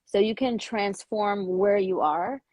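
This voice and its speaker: A woman educator with a slightly rough morning voice, speaking hesitantly with fillers and listing points slowly in a casual interview. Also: medium pitch, a little mellow, no echo. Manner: hesitant with many fillers, slow deliberate listing. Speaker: educator and author, guest. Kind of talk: casual video-call interview.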